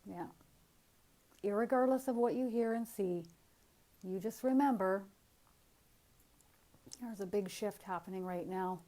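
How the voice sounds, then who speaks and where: Middle-aged woman medium, lively casual storyteller, laughs easily. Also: mid-range voice, unhurried, pauses often, poor audio. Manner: animated storytelling, frequent laughs. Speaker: spiritual medium. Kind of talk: casual spiritual talk.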